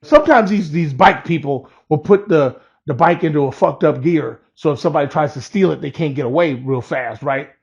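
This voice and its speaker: A man's voice: on the high side, fairly quick, hardly any pauses, breathy edge, muffled recording. A man telling a story in a loose, rambling, profane way, chuckling as he goes. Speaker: storyteller vlogger.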